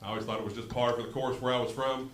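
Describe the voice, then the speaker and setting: A man's voice: mid-range voice, flat delivery, racing. A man from West Virginia with a Southern West Virginia accent doing a self-deprecating stand-up set on a comedy club stage. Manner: self-deprecating, drawling storyteller. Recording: echoey club room, audible noise.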